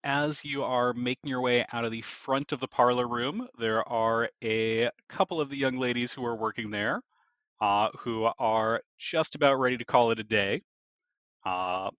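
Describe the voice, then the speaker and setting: A man's voice: mid-range voice, fairly bright tone, no room sound. A man narrating a tabletop game as game master, easygoing, with occasional uhs. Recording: slightly dull, lo-fi mic.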